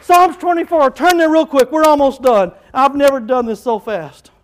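High-voiced preacher man shouting. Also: normal speed, a faint crowd, low-quality recording. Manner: animated, preachy, shouting scripture. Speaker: pastor. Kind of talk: sermon.

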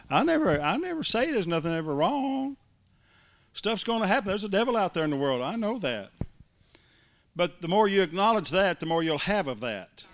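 A man's voice: high voice, sing-song, moderate pace, fairly bright tone. A male preacher, delivering an emphatic sermon to a congregation and mimicking complainers in little voices. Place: church before a congregation.

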